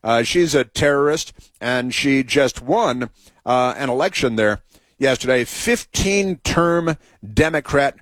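Hosting a talk show, a man speaks slowly in a medium-pitched, fairly bright voice with lively intonation, recorded close and dry with no echo or room sound. His story meanders, restarting sentences and wandering into asides, before he moves on to opinionated political commentary.

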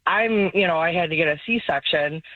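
A mother calling in to a radio show, telling a story in an animated way and laughing often. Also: on the low side, normal speed, no room sound. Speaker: caller. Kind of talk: phone-in storytelling. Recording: tinny phone line.

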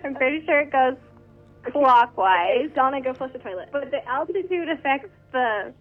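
Caller, female, high voice, bossy and laughing. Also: animated, moderate pace, phone-quality sound, faint music behind. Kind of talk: phone-in chat.

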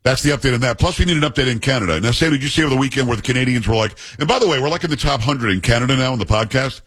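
Middle-aged male talk host, husky, casual banter with a teasing streak, dry close studio sound. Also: medium pitch, very fast, fairly bright tone, dry recording. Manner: chatty, joking, teasing asides.

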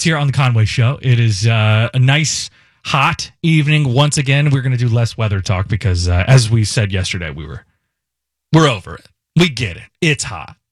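A man's voice: mid-range voice, no room sound, clean studio sound. A man filling in as a radio host, chatting casually in a rambling, joking way and correcting himself as he goes. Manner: rambling, self-correcting, jokey. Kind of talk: casual talk radio chat. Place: radio studio. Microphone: studio microphone.

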